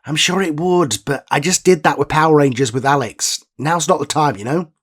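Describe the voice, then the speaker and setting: Here the show's writer and creator plays himself in a comedy sketch, tired, fed up and matter-of-fact. His voice runs on the high side, fairly bright and husky, at a normal speed.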